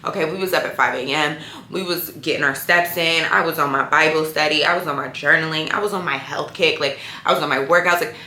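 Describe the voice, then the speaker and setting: A tired woman talks casually straight to her viewers, candid and chatty. Her voice is bright and sits a little low. It is recorded in a roomy space with faint background noise. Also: fairly quick. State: sleepy and tired. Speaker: vlogger. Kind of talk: casual vlog talk to camera.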